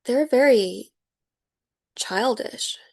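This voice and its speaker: A woman's voice: a little high, very slow, vocal fry. Chatty young woman giving a tarot reading. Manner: chatty, animated, laughs often, acts out quoted people. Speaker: tarot reader. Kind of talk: casual tarot reading to camera.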